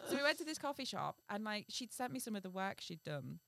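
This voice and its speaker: A woman's voice: medium pitch, quick pace, gravelly, hardly any pauses, no echo. A woman co-hosting a comedy podcast, chatting loosely, acting out what others said, and reading a story aloud. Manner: animated, acts out quoted people, laughs often. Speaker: podcast co-host.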